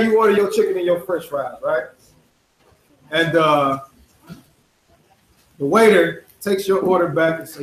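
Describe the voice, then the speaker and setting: A man leading a casual, interactive Sabbath lesson, asking the congregation questions and talking in relaxed slang. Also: a little high, measured pace, pauses often. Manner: conversational, asks the congregation questions, uses slang. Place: congregation hall. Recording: echoey hall.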